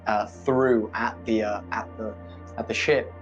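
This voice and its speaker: A man's voice: fairly low pitch, steady tone, unhurried, highs cut off, faint music behind. A man narrating as game master of a tabletop game, with loose, rambling description. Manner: rambling, many fillers and restarts.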